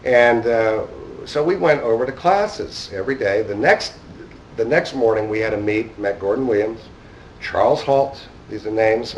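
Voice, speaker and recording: A man's voice: fairly low pitch, highs cut off, slight background noise. A man, speaking at a conference and telling a rambling, casual story in which he acts out the dialogue. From New York. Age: 50s. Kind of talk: anecdotal storytelling talk. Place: conference hall. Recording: distant mic in a hall.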